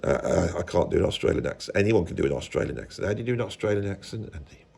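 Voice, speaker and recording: Racing and expressive, an English man with a deep, creaky, darkish, slightly rough voice delivers an opinionated music-commentary monologue. He rambles casually and keeps interrupting his own thoughts.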